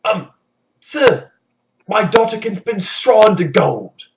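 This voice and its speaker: A man's voice: high-pitched, animated, slow pace, reverberant, heavy background noise, pitched above the performer's own voice, full character voice. A man doing a hesitant, bumbling miller. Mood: nervous. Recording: dull lo-fi recording.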